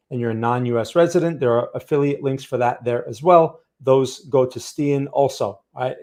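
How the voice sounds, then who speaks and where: A man's voice: mid-range voice, a little mellow. A man hosting a casual livestream about trading, chatting loosely and greeting viewers by name. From New York. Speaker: trading stream host. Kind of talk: casual livestream market talk.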